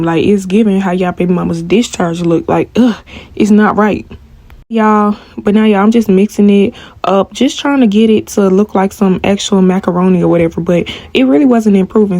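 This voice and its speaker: A young woman telling a story to viewers while she cooks, animated and full of slang. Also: mid-range voice, gravelly, no echo. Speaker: cooking vlogger.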